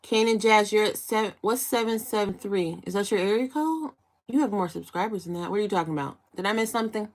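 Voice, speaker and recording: At a quick pace and medium pitch, a young Chicago woman in her 20s hosts a casual live stream. Giggling and chatting, she reads out her viewers' comments.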